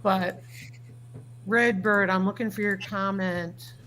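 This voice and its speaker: A woman's voice: medium pitch, fairly even intonation, takes it slowly, a bit bright. Folksy middle-aged woman hosting a livestream. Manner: folksy storyteller reading chat comments aloud. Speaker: livestream host. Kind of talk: casual livestream chat.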